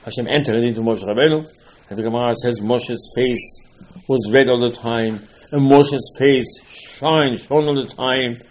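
Man giving an animated, dramatic Torah sermon. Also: medium pitch, a little slow, slight background noise. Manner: dramatic, swings from loud exclamations to hushed asides, voices characters in dialogue. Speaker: rabbi giving a Torah class.

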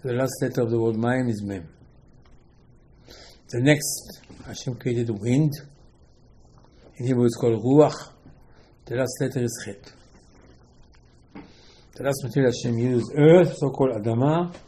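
A man's voice: medium pitch, unhurried, long pauses, dark tone, rough recording. Man giving a rambling religious talk. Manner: rambling, repeats words, asks and answers himself; non-native English grammar. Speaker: religious teacher. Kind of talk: informal religious lecture.

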